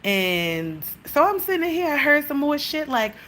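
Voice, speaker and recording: In a very noisy recording, a woman with a high, sing-song voice talks unhurriedly on a casual livestream. She wanders from story to story, cursing freely and leaning heavily on "like."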